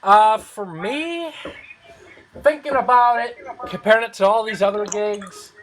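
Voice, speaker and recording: A man's voice: high voice, a little slow, a crowd in the background, low-quality recording. A man hosting a casual online panel chat, rambling and hedging with fillers. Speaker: host.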